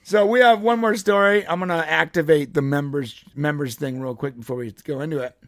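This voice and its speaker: A man's voice: a little high, brisk, no echo, clean studio sound. A man hosting a casual political podcast, talking bluntly and profanely and slipping into put-on voices when he tells a story. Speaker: podcast host.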